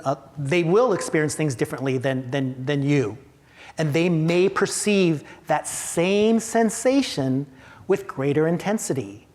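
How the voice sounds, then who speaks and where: A man's voice: a little high, darkish tone. A man leading a training for theater staff, talking emphatically with rhetorical questions and acted-out reactions. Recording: long hall reverb.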